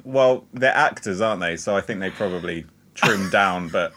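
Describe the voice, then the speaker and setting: A man's voice: deep voice, moderate pace, bright, forceful tone. A man co-hosting a crude podcast, chiming in dry and amused. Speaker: podcast co-host. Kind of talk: crude casual chat.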